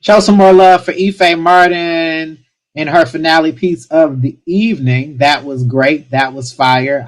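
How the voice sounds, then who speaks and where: A man speaking, hosting an online poetry slam in a joking, lively way. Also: on the high side, measured pace, rough recording. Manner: joking, laughs often, lively. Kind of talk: casual emceeing.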